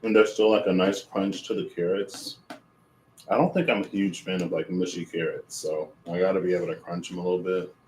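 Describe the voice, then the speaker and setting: A man's voice: deep voice, fairly even intonation, brisk, a little mellow, roomy sound, a little hiss or hum, low-quality recording. A man streaming casually at home, rambling and amused with himself while he cooks and eats. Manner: rambling, self-amused, talks with mouth full. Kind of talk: casual livestream chat while cooking and eating.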